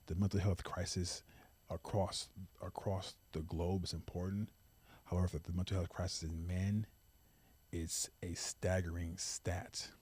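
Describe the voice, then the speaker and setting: Deep husky man, pleading and earnest. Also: dark tone. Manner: impassioned, repetitive emphasis, pleading. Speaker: podcast host. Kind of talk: earnest monologue.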